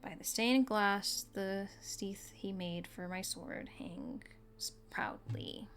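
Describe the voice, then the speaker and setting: A woman streaming a video game, reading its story text aloud in a soft, level voice. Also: mid-range voice, slow. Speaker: gaming streamer.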